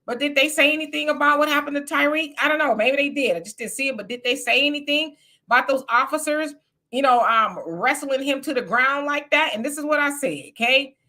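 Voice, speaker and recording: A woman's voice: sits high, fairly quick, sharp tone. A woman from California giving blunt, colloquial political commentary on a casual live stream.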